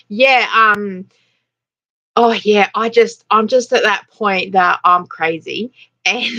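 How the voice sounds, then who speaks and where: Greeting her viewers by name between laughs, this middle-aged Australian livestream host keeps things casual while reading through comments. Her mid-range voice comes across as bright and forceful.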